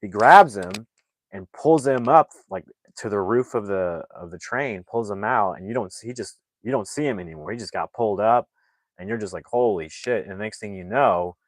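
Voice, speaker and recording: A man with a low, deep voice recaps a movie's plot in a loose, rambling way. He leans heavily on filler words and restarts his sentences, and the sound is dry and close with no room echo. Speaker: movie reviewer.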